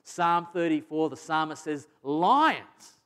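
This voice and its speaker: A man's voice: medium pitch, moderate pace. A pastor preaching a sermon to his church, earnest and emphatic, repeating phrases for stress. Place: church service.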